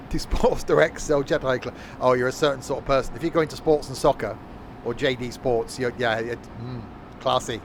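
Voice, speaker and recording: Man, game streamer, casual banter, reads chat, middle pitch, faint background noise. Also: steady tone, normal speed. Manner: joking banter, reading viewers' chat. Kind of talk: casual gameplay commentary.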